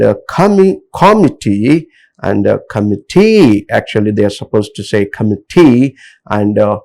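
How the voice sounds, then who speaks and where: This is a middle-aged man with an Indian English accent, lecturing a class. His voice has a gravelly, creaky edge at a middle pitch, and he talks haltingly, filling his pauses with frequent hesitations. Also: darkish tone, poor audio. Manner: halting, many filler pauses.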